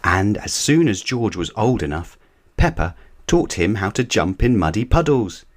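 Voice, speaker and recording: A man reading a children's storybook aloud as narrator, in a measured, even way. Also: fairly low pitch.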